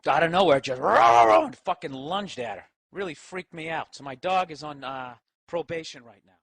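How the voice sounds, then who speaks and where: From his home office, a comedian hosting a podcast delivers a loose, sarcastic rant in a Boston accent, full of swearing and remarks to his dog. He speaks at a normal speed in a fairly high, slightly bright voice.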